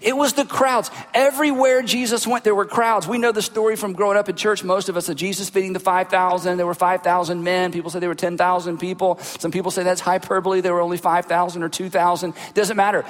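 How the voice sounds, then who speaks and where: High-voiced preaching man in a big hall. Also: fast, hardly any pauses. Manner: animated preaching with rhetorical questions. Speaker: pastor. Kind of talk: sermon. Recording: long hall reverb.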